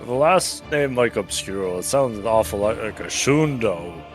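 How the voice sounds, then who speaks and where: A man playing a tabletop game, chatting casually with dry, deadpan remarks. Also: lowish voice, moderate pace, over music. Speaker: player.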